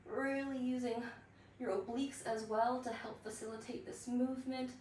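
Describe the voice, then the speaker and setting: A woman leading a pilates class, giving slow counting cues with light laughs and sounding out of breath. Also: fairly high pitch, fairly even intonation, darkish tone, slight background noise. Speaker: pilates instructor. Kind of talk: guided workout class. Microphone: built-in device mic. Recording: echoey room, far from the mic.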